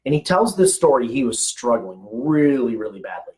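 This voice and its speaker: A man in his forties talks straight to his listeners in a loose, motivational way. His voice sits at a middle pitch, and he repeats words and keeps asking "okay?" as he goes. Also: big pitch swings, moderate pace, a little mellow, low-quality recording. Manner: conversational, repeats words, frequent "okay?" check-ins. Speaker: motivational business coach for medical practice owners. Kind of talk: casual motivational talk to camera.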